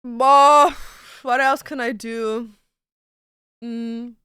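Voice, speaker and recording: A woman's voice: a little high, animated, unhurried, fairly bright tone, no echo, studio quality. A young woman streamer in casual chat, goofy and swearing freely as she tries out silly voices and animal sounds. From Canada.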